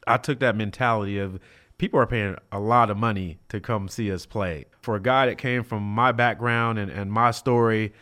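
A man in his fifties from California, a former pro football player telling his story as a guest in an interview, lively and acting out the voices of people in it. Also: moderate pace. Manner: lively, acts out quoted voices with jumps in pitch and loudness.

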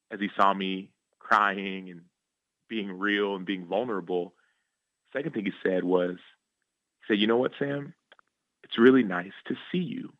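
Earnest low-voiced man telling his story. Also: dry recording, dull audio. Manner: earnest, animated, repeats "right?". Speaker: guest, former football player and author. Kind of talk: interview storytelling. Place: radio studio.

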